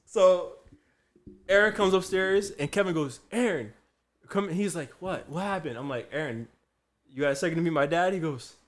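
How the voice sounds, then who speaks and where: A young man chats on a podcast, telling a long story from his job as a chef. He acts out each person he quotes and keeps dissolving into laughter. His voice sits slightly higher than most men's. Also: moderate pace. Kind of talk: casual chat, storytelling.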